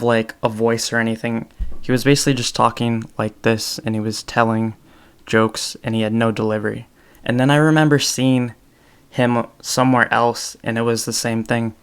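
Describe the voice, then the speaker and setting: Young man with a flat, gravelly voice. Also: medium pitch. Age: young adult. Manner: thinking aloud, loose and self-correcting. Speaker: podcast host. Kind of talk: unscripted solo talk.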